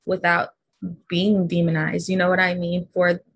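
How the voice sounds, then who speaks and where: A woman's voice: on the low side, monotone, normal speed, breathy edge, no echo. A woman panelist speaking casually and appreciatively in a group discussion.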